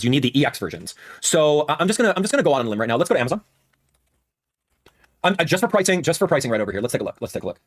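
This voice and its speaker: A man in his thirties doing live-stream commentary, animated and repeating his phrases for emphasis. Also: medium pitch. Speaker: streamer reacting with chat.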